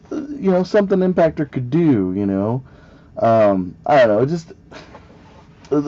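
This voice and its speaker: A man with a fairly low, mellow voice talks through a casual review. He rambles as an enthusiastic fan and keeps restarting his sentences. The recording sounds dull and lo-fi.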